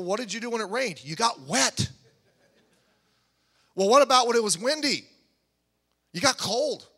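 A man preaching a sermon in a conversational, animated way, building to emphatic peaks. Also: sits high. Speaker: pastor. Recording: long hall reverb.

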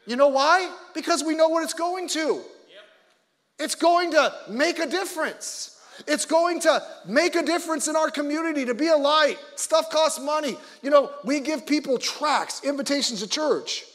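A male pastor preaching a conversational sermon with joking asides, swinging between loud emphasis and quiet low remarks. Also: moderate pace, long reverb tail.

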